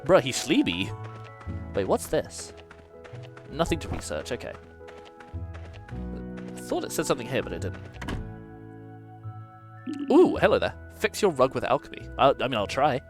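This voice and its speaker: A man chatting casually as he plays a game on stream, playful and loose-tongued with plenty of swearing. His voice sits at an ordinary middle pitch but leaps around expressively. Soft music plays faintly behind him. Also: huge pitch swings, normal speed, long pauses. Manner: playful, swears freely, muses aloud while playing. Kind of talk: casual gameplay commentary.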